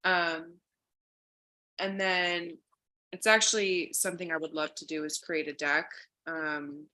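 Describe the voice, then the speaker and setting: A woman's voice: on the low side, flat delivery, takes it slowly, bright, forceful tone. A woman guest reading a spiritual card story aloud and chatting in an earnest, reflective way.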